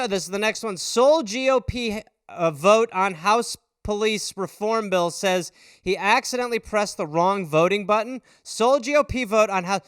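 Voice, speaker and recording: A man in his thirties hosting an improvised stand-up show, riffing loudly on news stories, swearing freely and slipping into quick character voices. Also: high voice, clean tone, no room sound, clean studio sound. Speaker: comedy podcast host.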